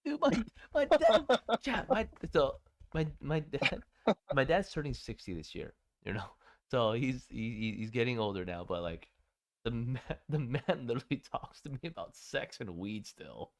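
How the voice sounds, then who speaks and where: Animated, laughing young man telling stories. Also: medium pitch, moderate pace. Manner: animated storyteller, laughs a lot, swears freely. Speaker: co-host. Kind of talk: casual chat on a livestream.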